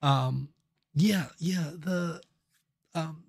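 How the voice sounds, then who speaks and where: A man's voice: fairly high pitch, drawn-out words, gravelly, slightly rough. A middle-aged man from New Zealand hosting a casual live stream, chatting and reacting to viewer comments as they come in.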